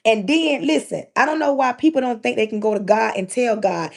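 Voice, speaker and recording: A woman's voice: on the high side, a little fast, vocal fry, few pauses. A middle-aged woman talking on her livestream, giving spiritual advice in a preaching style, repeating her points with emphasis and speaking straight to her listeners. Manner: repetitive, emphatic, speaks in direct address.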